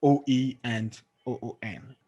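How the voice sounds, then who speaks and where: Slow, husky man teaching a class. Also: mid-range voice, fairly even intonation, mellow, dull audio. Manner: slow, drawn-out explaining with questions to students. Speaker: English teacher. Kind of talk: classroom lesson.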